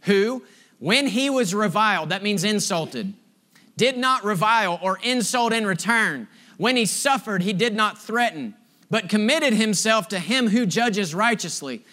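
A middle-aged male pastor delivers a sermon in a high, bright voice. He tells stories from the pulpit, moving between emphatic lines and hushed, drawn-out points. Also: expressive. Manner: storytelling, swings from emphatic to hushed and slow.

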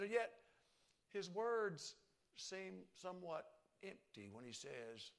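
Male preacher, sermon delivery, fairly high with a gravelly edge, soft-to-loud swings. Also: sing-song, takes it slowly.

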